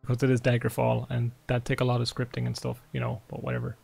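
Gravelly, excitable male game streamer. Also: medium pitch, fast, hardly any pauses, slight background noise. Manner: excitable, swearing, laughing, reads in-game books aloud. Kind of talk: live gameplay commentary.

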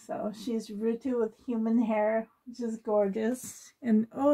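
A woman's voice: a little high, darkish tone. A woman chatting casually in a home nursery, rambling and gushing, often laughing. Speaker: doll collector vlogger. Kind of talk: casual rambling vlog chat.

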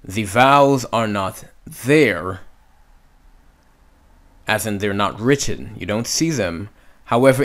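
A man's voice: medium pitch, fairly bright tone. A man teaching Hebrew reading in a video lesson, sounding out syllables and often checking in with "okay?". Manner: patient, repetitive, checks in with "okay?".

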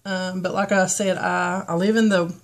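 Her delivery is flat, her voice on the low side, her speed normal. The beauty vlogger, a western North Carolina native with a toned-down Southern foothills accent, rambles chattily through a get-ready-with-me video full of ums and restarts.

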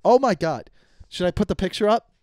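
A man's voice: high voice, lively intonation, a little fast, a little mellow, dry recording, studio quality. Profane rambling male podcast host. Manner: profane, rambling with many restarts. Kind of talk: casual comedic rant.

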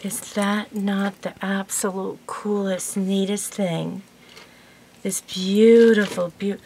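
A woman's voice: medium pitch, little pitch movement, takes it slowly, a little mellow, slight background noise. Chatty sixty-something woman vlogging at home; rambling, giggly storyteller with a middle-range voice. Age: 60s. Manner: chatty and rambling, laughs often. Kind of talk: casual storytelling and gift unboxing.

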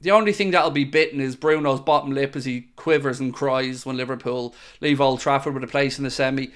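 A man's voice: medium pitch, steady tone, fairly quick. Upbeat man hosting a watchalong. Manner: chatty, upbeat, reads out viewer messages. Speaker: fan channel host. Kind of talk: live football watchalong commentary.

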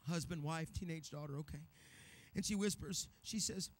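A guest preacher with a high, steady voice speaks fast at a church revival. He tells his stories dramatically, acting out the voices and building up to shouting.

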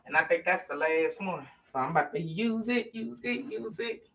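A woman vlogging in a relaxed, chatty way, talking straight to her viewers and laughing often. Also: lowish voice, moderate pace, creaky, heavy background noise. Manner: chatty, folksy, laughs often, addresses viewers as "girl" and "y'all". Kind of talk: casual chat to viewers while eating.

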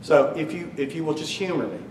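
A middle-aged man speaks fairly quickly in a high, lively voice as he eulogizes his father, trading jokes with the crowd and telling funny stories. Recorded from afar in an echoey memorial hall, with a faint hum.

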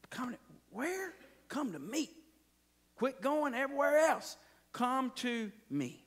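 A man preaching, voicing a gentle savior figure who softly invites hurting people to come to him. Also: extremely high pitch, big pitch swings, slow, exaggerated voice. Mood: tender. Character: gentle inviting male savior, tender and calm.

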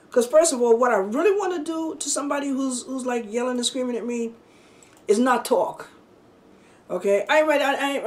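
A woman's voice: medium pitch, a little mellow, distant mic. Folksy woman preaching, set back from mic. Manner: folksy and emphatic, many "you know" and "okay?". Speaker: minister. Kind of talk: conversational sermon with personal testimony.

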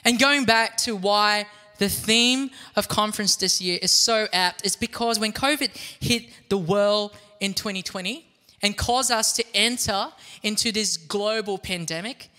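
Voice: mid-range voice, sharp tone. Earnest speaker. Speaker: conference founder. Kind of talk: conference opening address. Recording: long hall reverb.

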